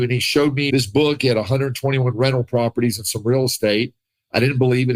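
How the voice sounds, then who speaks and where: A man telling his life story as a podcast guest, animated, acting out the people he quotes and laughing often. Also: mid-range voice, quick pace, no room sound, low-quality recording. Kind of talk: casual storytelling.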